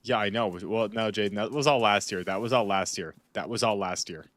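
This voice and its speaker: A man's voice: lowish voice, fairly quick, fairly bright tone, no room sound. A young man chatting casually while playing a video game, rambling and cutting himself off, talking to a friend off-mic. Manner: rambling, self-interrupting, talks to a friend off-mic. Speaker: gaming streamer. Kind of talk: casual gaming commentary.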